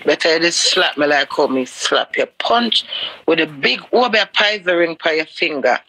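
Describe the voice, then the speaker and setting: Gravelly Jamaican woman ranting. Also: animated, normal speed, rough recording. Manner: ranting, swearing, swings between low mutters and shouting. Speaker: live stream host. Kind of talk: heated live-stream rant.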